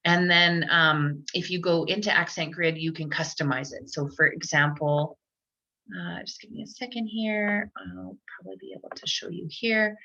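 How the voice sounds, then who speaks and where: A woman's voice: on the low side, moderate pace, creaky, pushed and bright. A woman presenting a live online tech workshop for teachers, chatty, with lots of fillers and restarts. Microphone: computer mic on a video call. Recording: dull lo-fi online call audio.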